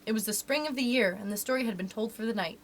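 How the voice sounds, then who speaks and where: A woman reading a children's book aloud for a library storytime, with expressive, animated delivery. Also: fairly high pitch, fast talker.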